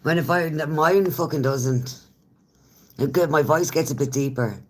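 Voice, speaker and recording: A woman's voice: deep voice, measured pace. An Irish woman and smoker chatting casually with viewers on a live stream, laughing often as she talks. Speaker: livestreamer.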